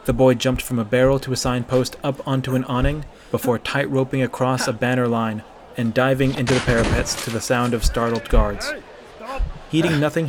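A man's voice: mid-range voice, background noise. Man narrating a fantasy chapter. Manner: steady, expressive narration. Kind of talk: audiobook reading of fan fiction.

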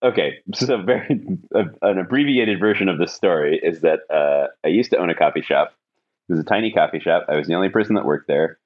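A very low-pitched man spins a long, rambling story on a podcast, full of "um"s, "like"s and false starts. The sound is a little dull and lo-fi, and the mood stays casual and chatty. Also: brisk. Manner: rambling anecdotal telling with many fillers and restarts. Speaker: podcast host.

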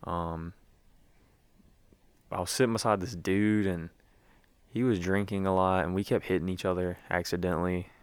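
A man's voice: low-pitched, steady tone, normal speed, pauses often, clean tone, no room sound. A young man giving a rambling, casual recap as a sports fan, with lots of fillers and restarts.

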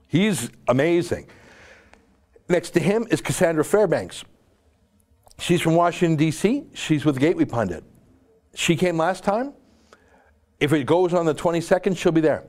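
A male host delivering an opinionated monologue with forceful, emphatic phrasing and rapid asides. His speaking voice sits a little high for a man. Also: lively intonation. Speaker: show host.

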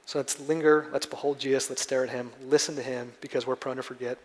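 Earnest pastor in an echoey church. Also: male voice, mid-range voice, flat delivery, fast. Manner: conversational, earnest storytelling. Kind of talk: sermon.

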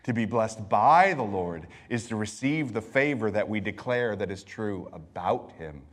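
A man's voice: fairly low pitch, animated, a little slow. Preaching man in a reverberant hall. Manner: rhetorical questions, emphatic and varied delivery. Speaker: pastor. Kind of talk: sermon. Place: church sanctuary. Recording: long reverb of a large hall.

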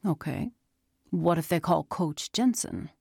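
Give me a woman reading as a calm teenage boy who presses his friend with question after question in a lowish, unhurried voice. It is a dry storybook recording. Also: gravelly, slightly rough, no room sound, heavily acted. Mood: probing. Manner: questioning, measured, gently pressing.

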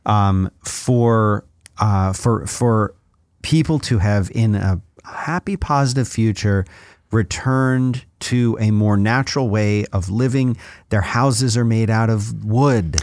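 A man with a fairly low voice chatting on a podcast, musing aloud and often restarting his sentences. The recording is dry, with no room sound. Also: slow, a little mellow, no room sound. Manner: thoughtful, hesitant restarts. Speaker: podcast co-host. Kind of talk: casual discussion.

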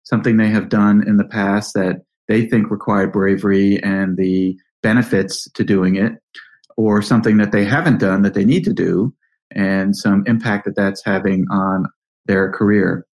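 A man hosting a podcast, asking his guest questions and summarizing key ideas in a measured way. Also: on the low side, steady tone, a little mellow. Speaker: podcast host. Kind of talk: interview questions.

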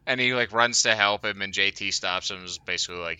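A man's voice: lowish voice, fast talker, bright, forceful tone, clean tone, no echo. A man co-hosting a podcast, recapping a show in casual, rambling chat full of fillers. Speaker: podcast co-host.

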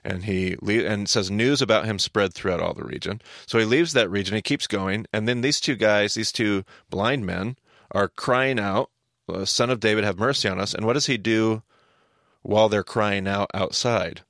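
A man hosting a podcast, explaining Bible stories in a casual, animated teaching manner. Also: fairly low pitch, normal speed, no echo, studio quality. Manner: animated, explanatory, repeats words when starting a thought.

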